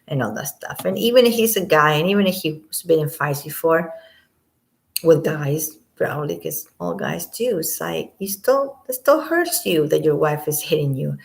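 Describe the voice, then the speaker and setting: A woman giving casual commentary on an audio clip, rambling and sometimes dropping to a quiet near-whisper. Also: sits low, expressive, normal speed, gravelly.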